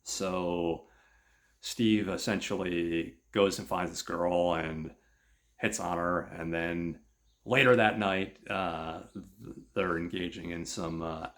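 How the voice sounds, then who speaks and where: Male host, low gravelly voice, loose rambling film recap. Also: fairly bright tone. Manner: rambling, with many filler words. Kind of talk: casual film plot recap.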